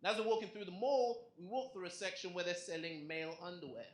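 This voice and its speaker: This young man's stand-up story comes out fast and high-pitched as he acts out what other people said. The audience laughs throughout, heard in a roomy recording from the comedy club stage.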